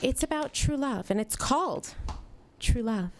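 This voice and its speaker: Wry high-voiced woman telling a story. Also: lively intonation, a little slow, slight background noise. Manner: wry, self-deprecating, laughs often. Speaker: storyteller at open mic. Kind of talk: personal comic storytelling.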